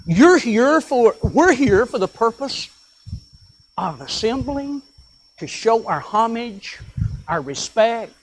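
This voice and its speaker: A preacher with a notably high voice delivers a sermon to his congregation. He swings between pressing, emphatic points and quieter asides, and slows right down whenever he reads from scripture. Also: sing-song, slight background noise. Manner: earnest, rising and falling with emphasis, reads scripture slowly. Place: church sanctuary.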